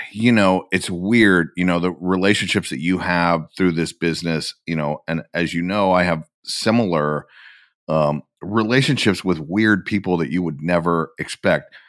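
A man's voice: low-pitched, moderate pace, fairly bright tone, dry recording, clean studio sound. A man hosting a podcast interview, asking questions in an earnest, plain-spoken way. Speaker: podcast host. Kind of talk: conversational interview.

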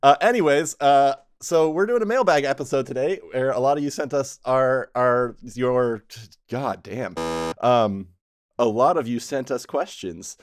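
A man's voice: medium pitch, measured pace. A man hosting a casual group podcast, rambling and correcting himself with frequent laughs. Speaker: podcast host and game master.

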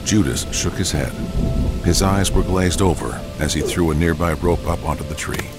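Deep voiced guy narrating a bible audio drama, slow and serious, music under.

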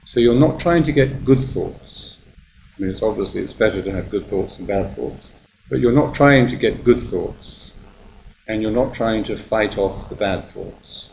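A man who is a monk and meditation teacher gives a guided meditation talk, speaking calmly and gently with slow pauses. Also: lowish voice, creaky, lo-fi sound, slight background noise.

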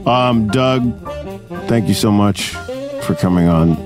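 Animated man telling a profane story. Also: on the low side, slow, long pauses, loud music behind the voice. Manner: animated, profane, filler-heavy, laughs often. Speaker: podcast host. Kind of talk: casual comedic storytelling.

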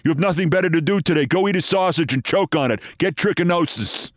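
A man playing a hateful male radio talk host who shouts insults with contempt. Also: sits high, big pitch swings, a little fast, dry recording, studio quality, pitched above the performer's own voice. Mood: contemptuous.

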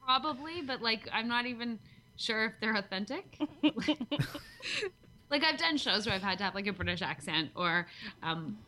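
A woman's voice: medium pitch, expressive, normal speed, pauses often, sharp tone, slight background noise. A young woman with a Canadian accent, a podcast guest talking in a chatty, self-deprecating way with many fillers. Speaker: guest, cosplayer. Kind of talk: casual podcast interview.

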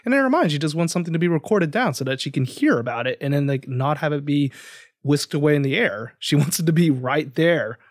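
A man's voice: a little high, lively intonation, fast, no room sound, clean studio sound. A man co-hosting a podcast, musing thoughtfully and earnestly, with lots of "like" in his speech. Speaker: podcast co-host. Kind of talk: casual reflective chat.

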